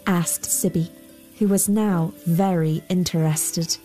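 Slow-paced woman storyteller. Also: lowish voice, steady tone, warm tone, faint music behind. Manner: slow and measured. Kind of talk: folk tale read aloud.

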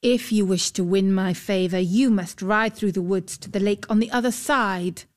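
A woman's voice: mid-range voice, moderate pace, natural voice. A woman doing a courtly young knight. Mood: earnest. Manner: formal, courtly speech. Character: brave young male knight, courteous and earnest.

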